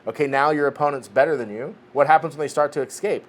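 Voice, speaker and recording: Fast and on the high side, this forties-aged male podcast co-host recounts a training story during a laid-back conversation, cursing liberally and starting sentences over.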